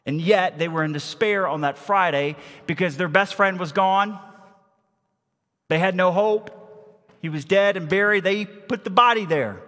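A man preaching a sermon as pastor, firing rhetorical questions at the congregation and swinging between hushed and loud delivery. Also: mid-range voice, big-room sound.

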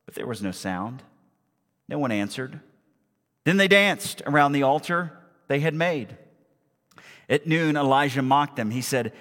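A man's voice: mid-range voice, lively intonation, measured pace, long pauses, fairly bright tone, long reverb tail. A male pastor preaching in a church, reading a Bible story aloud and acting out the quoted lines with dramatic emphasis. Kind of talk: sermon with scripture reading. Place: church sanctuary.

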